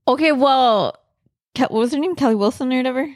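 A woman's voice: high voice, fast talker, no echo, studio quality. A woman telling a story in a casual chat with her husband, full of fillers and swearing. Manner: swears a lot, many fillers.

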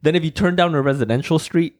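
A man, co-hosting a casual podcast chat and ranting about drivers in an animated, sweary way that keeps turning shouty. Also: a little high, fast talker. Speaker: podcast co-host.

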